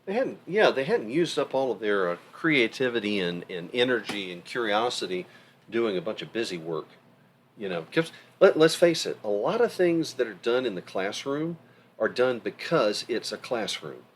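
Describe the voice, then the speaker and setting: A man's voice: lowish voice, moderate pace, a little hiss or hum. A middle-aged man co-hosting a podcast, talking in a casual, emphatic way. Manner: animated, emphatic storytelling. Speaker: podcast co-host. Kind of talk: casual conversation.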